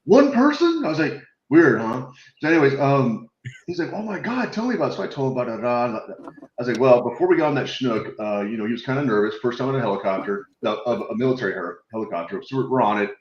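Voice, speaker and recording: A man on a video call telling animated, swear-laced anecdotes in a casual chat, acting out the voices of the people in his stories. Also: mid-range voice, fast talker, echoey room, highs cut off. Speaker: guest telling war stories.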